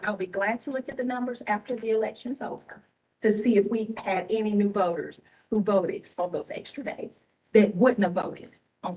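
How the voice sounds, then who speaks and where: A woman's voice: mid-range voice, darkish tone, recorded from a distance, rough recording. Emphatic, weary woman at a board meeting. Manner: emphatic, repetitive, scolding. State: tired and emotional. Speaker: elections official at a public board meeting. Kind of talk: impassioned public remarks. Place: government meeting room.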